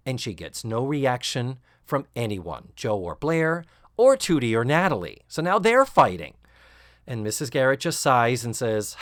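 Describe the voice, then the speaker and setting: A man hosting a podcast, recapping a sitcom episode casually and sarcastically, acting out quoted lines in higher voices. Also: moderate pace, no echo, studio quality. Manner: animated, sarcastic, acts out quotes with rising shrieks. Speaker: podcast host.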